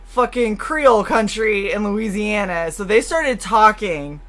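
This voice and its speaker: A woman's voice: medium pitch, unhurried. A woman co-hosting a casual stream, telling stories and acting out the people in them. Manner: animated storyteller, acts out quotes. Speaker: co-host. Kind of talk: casual stream chat, storytelling.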